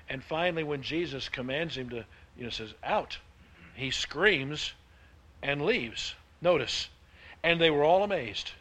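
A man preaching a sermon, with emphatic delivery that swings between hushed and loud. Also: fairly high pitch. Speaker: pastor.

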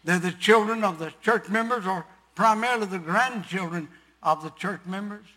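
Older man, preacher, sermon, storytelling, emphatic, bright voice, long hall reverb. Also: sits high, moderate pace.

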